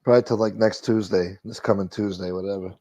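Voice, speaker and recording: The speaker is a middle-aged man running a live stream, swearing casually as he reacts to what viewers type. His voice is lowish and mellow, his tone steady, and he talks fast. The audio is dull and lo-fi.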